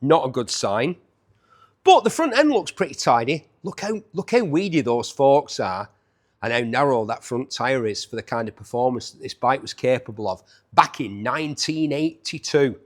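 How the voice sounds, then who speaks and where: A man's voice: mid-range voice, lively intonation, moderate pace. A man in his fifties hosting a chatty, jokey walkaround preview of bikes up for auction. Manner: chatty, enthusiastic, jokey asides.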